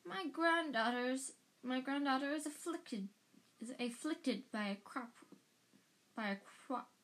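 A woman voicing an old peasant woman who pleads slowly in a raised voice for a sick grandchild. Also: sits high, fairly bright tone, voice pushed up. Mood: pleading.

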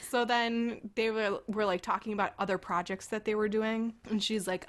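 A woman's voice: medium pitch, steady tone, moderate pace. A woman co-hosting a podcast, chatting casually, rambling through tangents and laughing often. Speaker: podcast co-host. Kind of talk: casual chat.

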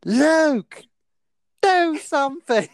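A man putting on a dim male football coach who shouts vague orders from the touchline. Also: extremely high pitch, lively intonation, drawn-out words, vocal fry, no room sound, studio quality, pitched above the performer's own voice, exaggerated voice. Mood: barking.

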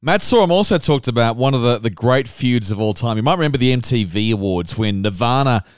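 A man's voice: medium pitch, lively intonation, a little fast, clear, resonant tone, no room sound, clean studio sound. A man hosting a music podcast, enthusiastic and chatty. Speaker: podcast host. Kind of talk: upbeat podcast intro and interview.

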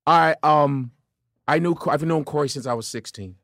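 A man guest on a podcast, a comedian telling profane, animated stories in casual chat and putting on voices of the people in them. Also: fairly high pitch, normal speed, no room sound, clean studio sound.

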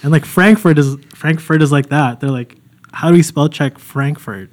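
Young guy cohost, kinda high voice, loose jokey podcast chat. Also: moderate pace. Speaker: podcast co-host.

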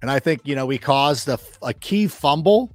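A man as a guest football analyst in a casual sports chat, telling animated stories, acting out quoted remarks and swearing freely. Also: a little high, normal speed, no echo, soft background music. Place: studio.

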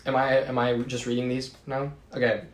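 A brash young man co-hosting a loose podcast, teasing his guests and swearing freely. His voice sits at an ordinary middle pitch. The room around him is audibly echoey. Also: completely flat delivery, fairly quick. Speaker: podcast co-host. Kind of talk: casual chat.

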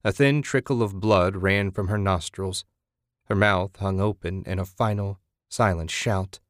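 Low-voiced male audiobook narrator, dry. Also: measured pace, no echo. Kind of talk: scripted narration. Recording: dry close studio recording.

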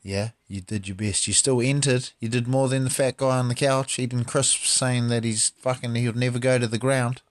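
A man's voice: medium pitch, steady tone, normal speed, few pauses, no echo. A man, a martial artist talking bluntly and profanely in a casual monologue.

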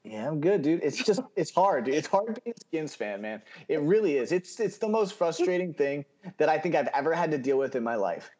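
A young man in a sports talk podcast, venting in a fiery, profane rant that builds to shouting. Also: fairly high pitch, sing-song, fairly quick.

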